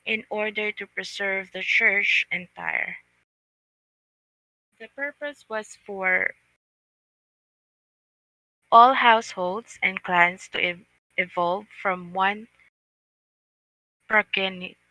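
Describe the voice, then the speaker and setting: A woman reading a text aloud on an online voice call, slow and halting, stopping to sound out hard words. Her voice is very bright and clear. The sound is dry, with no room around it. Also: mid-range voice, no room sound, poor audio. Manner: halting, careful reading with pauses. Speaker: book club reader.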